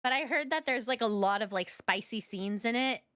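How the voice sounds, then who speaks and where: Bright, giggly woman streamer. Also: on the high side, normal speed, smooth, dry recording, studio quality. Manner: giggly, rambling, lots of "like". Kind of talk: casual reaction chat.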